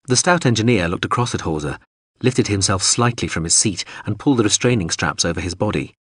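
A man narrating an audiobook in a steady, even scripted reading. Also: lowish voice, fast talker, breathy edge, no room sound, studio quality.

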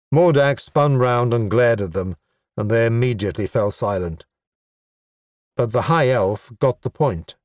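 A man's voice: medium pitch, darkish tone. A male narrator reading a comic fantasy story in a dry, understated way. He takes his time over each line, and the recording is close with no room echo. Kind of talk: audiobook narration.

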